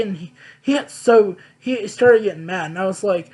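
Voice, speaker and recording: A man's voice: sits high, moderate pace, hardly any pauses, a little mellow, rough recording. A young man vlogging, telling a personal story in a blunt, candid way and swearing freely. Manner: blunt, profane, emphatic.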